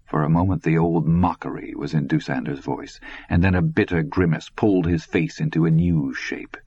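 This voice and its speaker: A man narrating an audiobook in a husky voice. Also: very deep voice, fairly even intonation, normal speed, few pauses, mellow. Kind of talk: scripted narration. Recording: dull, lo-fi recording.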